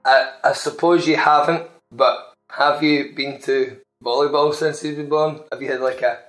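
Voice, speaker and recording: A man's voice: a little high, steady tone, normal speed, a bit bright, soft background music. A Scottish man co-hosting a podcast, telling an amused, rambling anecdote in a casual chat. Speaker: podcast co-host. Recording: roomy echo.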